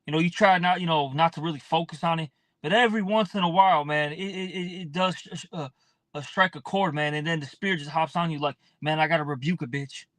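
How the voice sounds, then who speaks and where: High-pitched male street-style preacher, blunt and profane, dry recording. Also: fairly bright tone, no echo. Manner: blunt, profane, drawn-out, fills with "man". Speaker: scripture teacher. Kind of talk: casual preaching with scripture reading.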